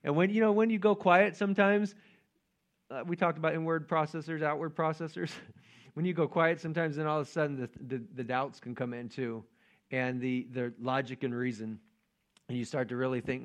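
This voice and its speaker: A man's voice: a little high, steady tone, a little fast. A man preaching a casual, joking sermon and acting out the voices of Bible figures. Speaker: pastor.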